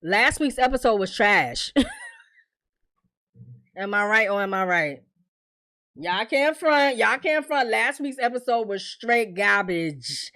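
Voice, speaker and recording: Animated woman recapping a TV episode. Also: mid-range voice, slow, pauses often, no room sound. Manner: animated storytelling, acts out characters' lines. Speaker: vlogger reviewing a TV series. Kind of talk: casual recap vlog.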